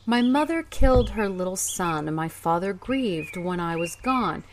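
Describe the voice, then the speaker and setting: A woman's voice: lowish voice, animated, measured pace, slight background noise. A woman voicing a small magical bird that chants a mournful song. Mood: chanting.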